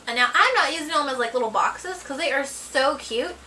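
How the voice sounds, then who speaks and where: A woman's voice: high-pitched, animated, a little fast, sharp tone, slight background noise, low-quality recording. A woman giving a casual crafting tutorial at home, chatty and full of ums and likes. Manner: chatty, many ums and likes, giggles at herself. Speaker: crafter demonstrating a paper box project.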